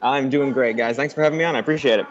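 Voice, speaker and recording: A man being interviewed by phone on a sports show, answering in a relaxed, storytelling way. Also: mid-range voice, very fast. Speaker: guest on a phone call. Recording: slightly muffled phone call.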